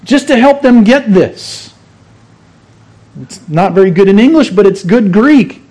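High-voiced man preaching an earnest sermon. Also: lively intonation, unhurried, mellow. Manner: earnest, emphatic teaching with repeated phrases. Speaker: pastor.

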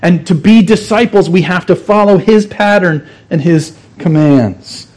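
High-voiced man preaching an earnest sermon. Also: measured pace, darkish tone. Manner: earnest, emphatic teaching with repeated phrases. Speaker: pastor.

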